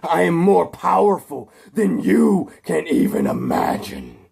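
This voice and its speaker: A man voicing a vengeful electric supervillain, speaking slowly and with menace. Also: fairly high pitch, wildly swooping pitch, gravelly, a crowd in the background, pitched above the performer's own voice, exaggerated voice. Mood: menacing. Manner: slow, menacing, drawn out.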